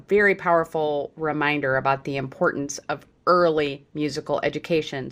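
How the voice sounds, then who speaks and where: A woman hosts a podcast and interviews her guest. Her voice is low for a woman, and she leads the talk with an encouraging tone. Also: fairly bright tone. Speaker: podcast host.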